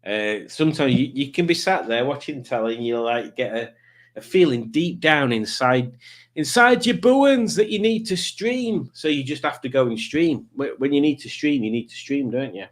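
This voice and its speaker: A man in the middle of a casual live stream, chatting away in a loose, rambling manner. His pitch sits right in the ordinary middle range, and he jokes easily while he greets the people in the chat. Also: animated, normal speed. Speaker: livestream host. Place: home streaming setup with lights.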